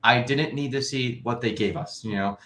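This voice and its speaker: A man's voice: medium pitch, normal speed, bright, forceful tone, a little hiss or hum. Rambling man in an echoey room. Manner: rambling, lots of "you know". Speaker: podcast co-host. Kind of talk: casual chat.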